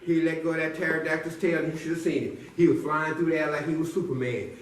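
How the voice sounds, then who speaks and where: A man's voice: a little high, level tone, fast talker. A man telling a silly story to a live audience with playful call-and-response build-ups. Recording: echoey room from far off.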